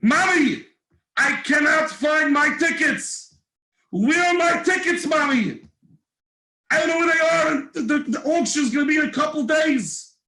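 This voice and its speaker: A man voicing a frantic young boy who pleads with his mother in a high, urgent voice. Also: expressive, measured pace, pushed and bright, echoey room, full character voice, poor audio.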